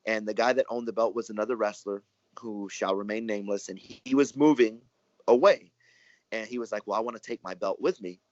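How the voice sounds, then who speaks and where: A man, a wrestler telling stories in a relaxed interview, rambling and acting out what others said. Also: lowish voice, brisk, no echo. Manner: rambling, animated, acts out quoted dialogue. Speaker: professional wrestler and guest. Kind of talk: casual storytelling interview. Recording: dry, muffled lo-fi audio.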